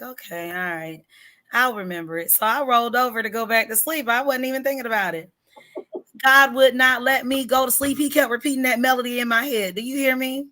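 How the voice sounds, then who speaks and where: A woman's voice: medium pitch, sharp tone. A woman, a singer-songwriter, telling a personal story in an interview in an earnest, emphatic way, stretching words to stress them. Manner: candid about hard personal struggles.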